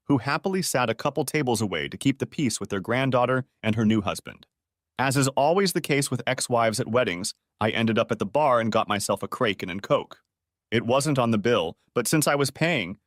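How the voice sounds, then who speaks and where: A man narrating a first-person story in a steady, measured reading voice. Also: on the low side, no echo, studio quality.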